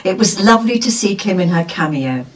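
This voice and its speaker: Woman co-host, reads listener mail with lively, expressive delivery, sits back from the mic. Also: mid-range voice, fairly quick, distant mic, low-quality recording. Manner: lively, expressive reading with laughs. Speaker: podcast co-host. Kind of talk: reading a listener letter aloud.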